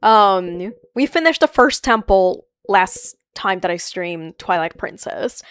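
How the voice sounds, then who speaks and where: A woman streaming a video game, chatting casually with viewers, animated and playful, laughing often and swearing freely. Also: mid-range voice, slow pace, smooth, no room sound, clean studio sound. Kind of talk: casual live-stream chat reading viewer comments.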